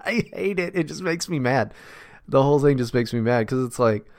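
A man's voice: medium pitch, lively intonation, brisk, no echo, studio quality. A man co-hosting a podcast, talking bluntly and profanely, mocking and ranting in casual chat. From West Virginia. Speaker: podcast co-host.

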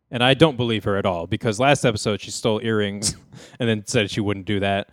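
A man hosting a comedy podcast, retelling episodes in a dry, deadpan way. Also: fairly low pitch, a little fast, no room sound. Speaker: podcast host. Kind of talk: casual comedic recap.

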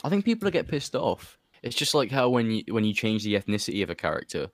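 A man's voice: lowish voice, sing-song, fast, dry recording, studio quality. A man chatting on a casual podcast, laid-back and swearing casually. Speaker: podcast co-host. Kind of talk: casual chat.

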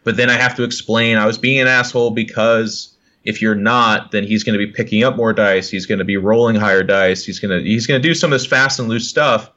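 A man's voice: fairly low pitch, fairly even intonation, a little fast, pushed and bright. Blunt, swearing man on a lo-fi line. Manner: blunt and profane, acts out quoted people. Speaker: podcast guest. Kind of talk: casual podcast chat.

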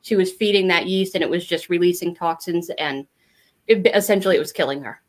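A woman's voice: on the low side, a little fast. Middle-aged woman, interview guest, candid, rambling, acts out quotes. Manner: candid, rambling, animated when quoting others. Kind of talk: casual storytelling.

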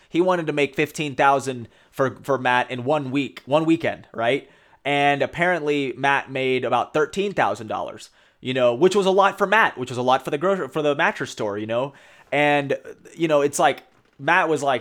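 A man casually retelling a show in commentary, talking in a loose, energetic way and often tagging on "you know" and "right?". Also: fairly high pitch, normal speed.

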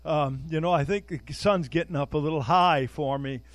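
Older man, preacher, informal sermon, halting repeats, fairly high voice, dry sound. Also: no echo. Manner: conversational, repeats words while searching for them.

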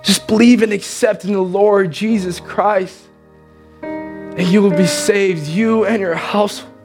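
A man's voice: high-pitched, a little slow, music in the background. A man preaching in church, telling a story with energy and acting out the characters. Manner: animated, acts out the characters. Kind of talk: sermon storytelling.

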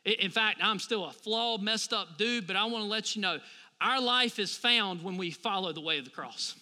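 A man's voice: high voice, moderate pace, pushed and bright, long reverb tail. A man in his thirties preaching a sermon as a pastor, talking conversationally and asking the congregation for responses.

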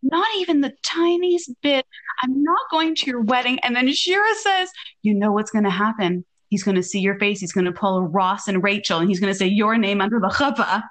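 A woman's voice: mid-range voice, fairly quick. A woman in her thirties hosting a podcast, casually telling a story and acting out the quoted dialogue. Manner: animated, acts out quoted dialogue. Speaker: podcast host.

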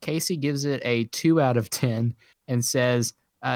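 A man's voice: mid-range voice, unhurried, a little mellow, no echo, clean studio sound. A man co-hosting a podcast in casual chat, laughing often and telling stories with animation. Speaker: podcast co-host.

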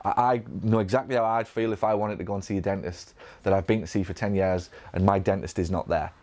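Lowish-voiced man coaching a live room. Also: fast talker. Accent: Northern English. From England. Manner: energetic, repetitive restarts, acts out patient dialogue. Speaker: physio business coach. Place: event room.

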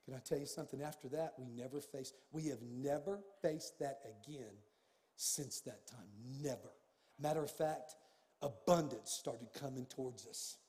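A man preaching a sermon as a pastor, telling a personal story with animated swings from hushed tones to shouting. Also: mid-range voice, normal speed, long reverb tail.

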